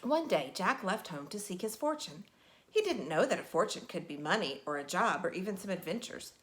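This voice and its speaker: A woman reading a picture book aloud in an expressive, animated way. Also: on the low side, fairly quick. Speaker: storyteller.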